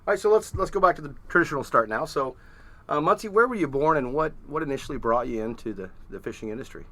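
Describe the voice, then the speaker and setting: A male podcast host with a rapid, animated delivery that swings up and down in pitch. His bright tone keeps the casual interview moving with eager questions.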